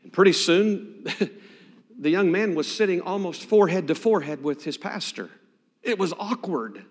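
A man preaching a sermon as pastor, swinging dramatically between loud emphasis and hushed near-whispers. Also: high voice, lively intonation, moderate pace. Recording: long hall reverb.

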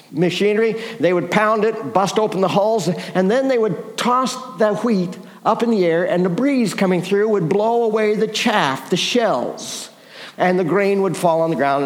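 A male preacher telling a story in an animated sermon, often questioning his listeners. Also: high-pitched, unhurried. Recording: long hall reverb.

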